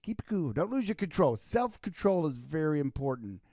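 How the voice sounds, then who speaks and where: Brief: male podcast co-host, slightly high voice, animated storyteller, dry close sound. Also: moderate pace, dry recording. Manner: animated storyteller, acts out quoted people. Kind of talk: casual business podcast chat.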